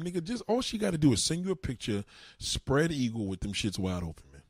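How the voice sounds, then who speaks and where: A middle-aged man holds forth on his show in a crude, profane monologue, circling back over the same lines. His voice is husky and swings widely in pitch. The recording is close and dry. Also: fast, no echo. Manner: animated, profane, repeats himself. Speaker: show host.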